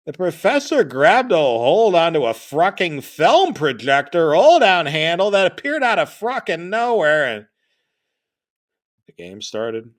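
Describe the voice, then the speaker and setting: Man, comedic horror-parody narrator, high voice, very animated pitch, crude rambling jokes. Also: unhurried. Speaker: storyteller.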